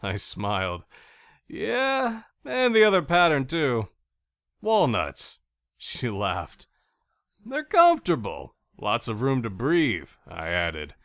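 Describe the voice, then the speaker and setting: A man narrating a first-person audiobook in an expressive, animated reading style on a close studio mic. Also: mid-range voice, takes it slowly, vocal fry, dry recording.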